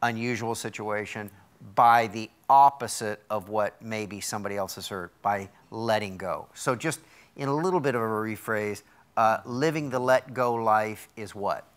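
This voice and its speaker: A man's voice: lowish voice, normal speed, a bit bright, clean tone. A male talk show host in a television studio, interviewing a guest and summing up his points for viewers. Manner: rephrases and sums up for viewers.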